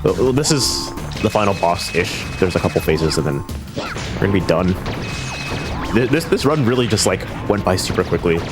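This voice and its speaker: A low-voiced man keeps up easy commentary on a live speedrun, chatty and jokey, full of quick asides and loose filler words. Loud game music runs behind him. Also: animated. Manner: chatty and joking, quick asides, laughs easily. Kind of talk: casual live stream commentary.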